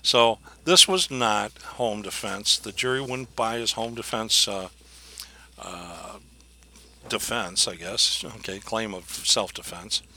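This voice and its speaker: A man's voice: lowish voice, slow pace, bright, forceful tone. A man teaching a class, retelling a case in a plain, conversational way with frequent restarts. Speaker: instructor. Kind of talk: conversational lecture recounting a case.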